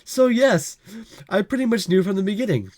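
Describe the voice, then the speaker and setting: A man with a cold voicing an evasive teenage boy in a visual novel reading, speaking lower than his own voice. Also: animated, normal speed, a little mellow. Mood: defensive. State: has a cold.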